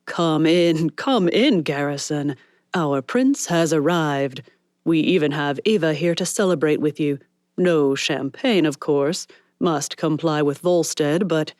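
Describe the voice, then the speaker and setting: A woman narrator voicing a pushy, blustering male studio boss who talks in a booming, showy way. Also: slow, darkish tone, dry recording. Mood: hearty.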